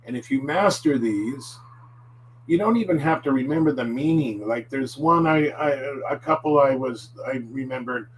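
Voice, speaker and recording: A man of middle pitch talks through a casual lesson, patient and conversational. He drills words slowly so listeners can repeat them, slipping in fillers and corrections. A faint hum sits under the recording. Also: low-quality recording. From United States. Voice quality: relaxed, chatty with fillers and self-corrections. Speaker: language teacher.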